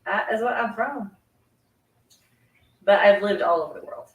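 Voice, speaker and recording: A chatty, giggly middle-aged woman talks her viewers through a craft project while her hands keep busy. Her voice sits at an ordinary pitch and sounds set back from the mic. The home craft room around her adds a noticeable echo. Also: measured pace, far from the mic. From Canada. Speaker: card-making host. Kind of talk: casual live craft demonstration.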